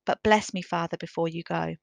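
Woman voicing firm young storybook lord, low, dry close sound. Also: steady tone, a little fast, creaky, no echo. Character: young male pagan lord, calm and brave.

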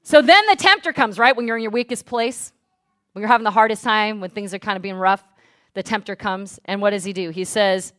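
A woman pastor preaching a sermon. She swings from hushed asides to loud, fervent declarations. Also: medium pitch, a little fast, no room sound. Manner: speaks in tongues at full volume.

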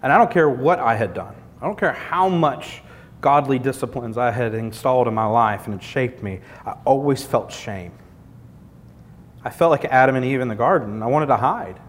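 A man's voice: lively intonation, moderate pace. A man preaching a sermon in an earnest, conversational way, building points through repetition. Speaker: pastor. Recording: long hall reverb, faint rumble.

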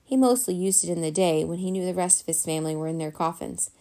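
A woman reading a children's chapter book aloud in a gentle, even storytelling manner. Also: lowish voice, fast talker. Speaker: storybook reader.

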